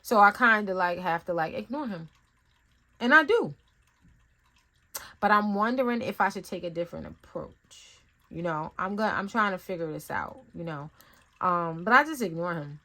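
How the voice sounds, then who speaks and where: A woman's voice: fairly low pitch, normal speed. Chatty woman giving a rambling tarot reading. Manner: rambling and conversational, many fillers; animated storytelling with acted-out asides. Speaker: tarot reader. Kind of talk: casual spiritual reading talk.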